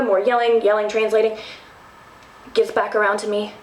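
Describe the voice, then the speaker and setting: A young woman from Texas telling a travel story to the camera, animated and self-mocking, with lots of ums and restarts. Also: on the high side, fairly quick. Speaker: vlogger. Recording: roomy, from a distance.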